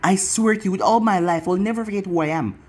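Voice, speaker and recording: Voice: medium pitch, fast, close to an everyday voice. The story's narrator voicing an eager, devoted young boy training as a ninja, reading a fan fiction aloud with sincere earnestness.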